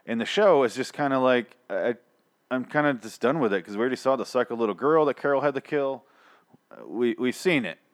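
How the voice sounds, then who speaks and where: A man's voice: medium pitch, lively intonation, brisk. A man giving a casual, ranting recap of a television episode, sarcastic and full of swearing and fillers. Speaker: show recap commentator. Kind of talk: casual profane recap monologue.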